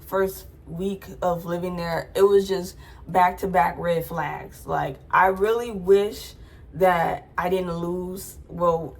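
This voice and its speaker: A young adult woman vlogger telling a personal story in a casual, chatty way, full of "like" fillers. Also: fairly low pitch.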